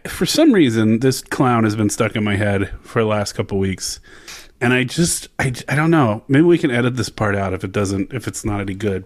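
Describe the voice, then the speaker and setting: A young adult man co-hosting a podcast, telling a casual story in an animated way and laughing often. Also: medium pitch. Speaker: podcast co-host. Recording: podcast mic.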